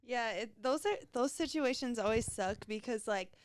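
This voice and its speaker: A young woman co-hosting a podcast, chatting in a relaxed way and laughing often. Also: fairly high pitch, normal speed, dry recording, studio quality. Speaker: podcast co-host. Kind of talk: casual chat.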